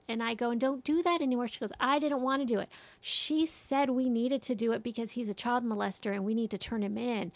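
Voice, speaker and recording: A middle-aged mother tells a story in casual conversation, animatedly acting out and quoting what other people said. Her voice is a little high, and the recording is dry.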